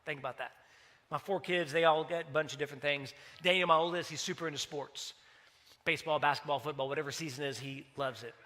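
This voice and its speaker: A man's voice: fairly high pitch, steady tone, fast talker, bright, forceful tone. A man preaching a sermon as pastor, talking in a conversational way and telling stories with acted-out dialogue.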